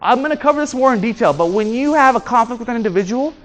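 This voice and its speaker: This speaker and trainer talks in an extremely high pitch and rapid-fire delivery. In a motivational training session on conflict, he animatedly plays the characters in his stories, shifting voices for each line of dialogue.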